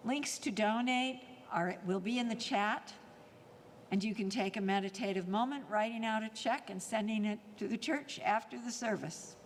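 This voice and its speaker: A woman's voice: a little high, slight background noise. Woman leading the offering in a reverberant church. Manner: measured, formal invitation to give. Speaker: lay worship leader. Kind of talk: reading the offertory. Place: church sanctuary. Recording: reverberant church hall, faint ambience.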